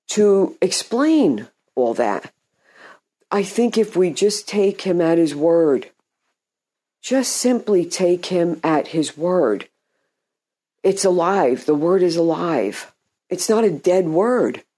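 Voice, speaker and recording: Slow, mellow-voiced male preacher. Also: high voice, very animated. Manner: halting and conversational, often repeating words and restarting phrases. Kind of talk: informal sermon.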